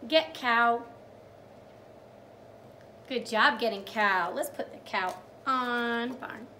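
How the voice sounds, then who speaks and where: A woman's voice: fairly high pitch, pushed and bright, slight background noise. A young woman teacher reading a picture book to small children, sing-song and encouraging, praising each step and acting out animal sounds. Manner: drawn-out storytelling with animal sounds.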